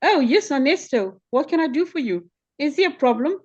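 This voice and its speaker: A woman's voice: sits high, animated, normal speed. A woman voicing a wealthy man who exclaims in disbelief at each bit of news, over muffled video call audio. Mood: incredulous. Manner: exclaiming, incredulous. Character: wealthy man growing ever more outraged.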